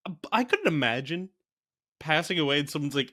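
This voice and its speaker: A young adult man chats casually as a podcast co-host, recounting scenes with animated disbelief. His voice sits a bit high and comes across bright and forceful. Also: a little fast. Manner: incredulous, animated retelling of scenes. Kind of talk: casual movie review chat.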